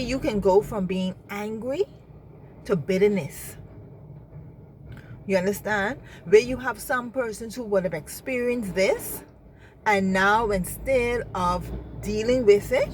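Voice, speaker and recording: A woman's voice: mid-range voice, a little hiss or hum. A woman from the Bahamas, speaking earnestly about faith and anger, repeating herself and checking in with her listeners. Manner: earnest, repeats herself, asks "you understand?". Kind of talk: impassioned spoken reflection.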